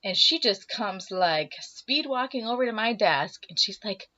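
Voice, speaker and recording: A young woman vlogger telling a personal story, animated, acting out both sides of the dialogue and sometimes dropping to a whisper, a little emotional. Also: mid-range voice, measured pace. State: emotional, teary. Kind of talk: casual storytelling to camera. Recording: slightly dull lo-fi sound.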